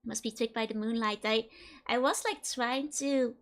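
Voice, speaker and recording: A woman's voice: fairly high pitch, normal speed. A woman streaming a horror game live, playful and giggly, greeting her chat one by one.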